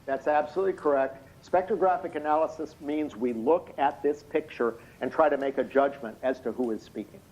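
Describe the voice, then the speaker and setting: A tired, slightly hoarse man giving expert courtroom testimony over a video call, explaining things in a measured way with many hesitant fillers. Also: fairly high pitch, darkish tone. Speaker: expert witness. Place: indoor room at night. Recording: muffled video call audio.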